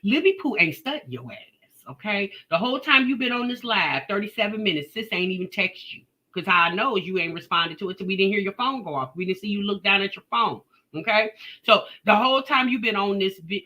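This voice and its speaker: A woman's voice: medium pitch, brisk. A woman hosting a casual reaction live stream, talking sassily and straight to her viewers as she reads out the chat. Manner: animated, sassy, talks straight to her chat. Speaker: live-stream commentary host.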